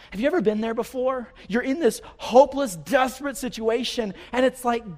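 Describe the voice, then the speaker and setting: A man's voice: very high-pitched, a little fast, hardly any pauses, darkish tone. A man preaching a sermon from the pulpit in a large church, with impassioned phrases that rise and fall, repeated lines and many restarts. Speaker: pastor. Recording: live hall reverb.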